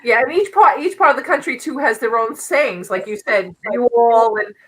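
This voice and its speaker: A woman's voice: fairly high pitch, animated, normal speed, fairly bright tone, breathy edge, low-quality recording. A woman in her fifties with a Bronx New York accent, a teacher talking casually on a livestream.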